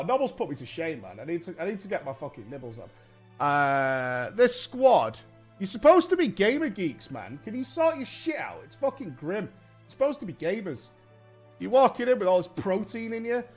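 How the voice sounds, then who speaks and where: Animated man telling a story. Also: high-pitched. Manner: animated, swears a lot, acts out quotes. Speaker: streamer. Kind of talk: casual storytelling to stream chat. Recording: faint music behind.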